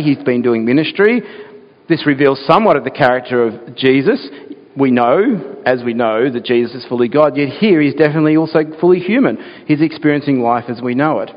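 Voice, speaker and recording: Earnest male pastor in a reverberant hall. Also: a little high. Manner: earnest, asks the listeners rhetorical questions. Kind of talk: sermon. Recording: dull sound with long hall reverb.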